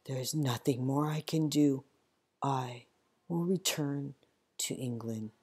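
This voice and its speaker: Woman voicing a wounded captain, feverish, weary, grave, slow, very deep voice. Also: a little mellow, breathy edge, exaggerated voice. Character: wounded, feverish male army captain, commanding. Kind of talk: audiobook character reading.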